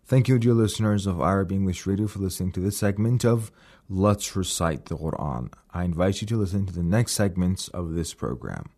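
A man teaching recitation on a radio program, explaining slowly and repeating words to demonstrate. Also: low voice, lively intonation, mellow. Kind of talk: radio lesson.

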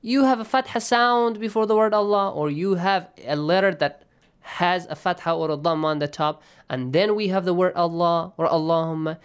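A man's voice: sits high, moderate pace, clear, resonant tone. A man teaching Quran recitation rules in a lesson, explaining patiently and checking understanding often. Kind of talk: online tajweed lesson.

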